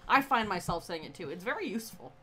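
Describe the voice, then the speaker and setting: A woman from the Midwestern United States with a Midwestern American accent, making quick, matter-of-fact remarks in a casual chat as co-host. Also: medium pitch, very animated, pushed and bright, slight background noise.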